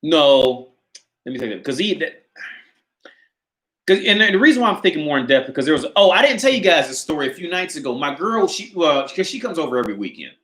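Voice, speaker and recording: A man livestreams casually from his small apartment, telling a story with lots of swearing and laughter while holding the phone or camera himself. His voice is a little high and a bit bright, sing-song and quick-paced.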